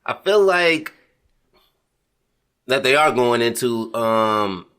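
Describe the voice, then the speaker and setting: A man's voice: mid-range voice, lively intonation, a bit bright, clear, resonant tone. Laid-back man thinking aloud. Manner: measured, thinks aloud with many fillers. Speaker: podcast co-host. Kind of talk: casual podcast chat.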